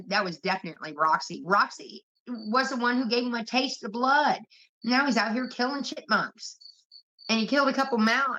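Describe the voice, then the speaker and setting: A woman's voice: medium pitch, bright, forceful tone. Profane, rambling woman on a lo-fi stream. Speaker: livestream host. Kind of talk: casual chat. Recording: muffled lo-fi stream audio.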